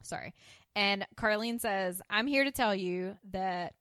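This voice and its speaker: Animated woman recapping a show. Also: medium pitch, slow, dry recording, studio quality. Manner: animated, acts out quoted characters with laughter. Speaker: podcast co-host recapping a TV episode. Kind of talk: casual chat.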